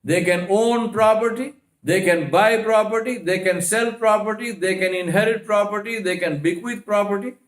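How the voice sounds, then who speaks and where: A man's voice: high voice, normal speed. Emphatic male lecturer in an echoey hall. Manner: emphatic, rhetorical questions, repeated "no, no, no". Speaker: Islamic lecturer. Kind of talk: religious lecture. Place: mosque hall.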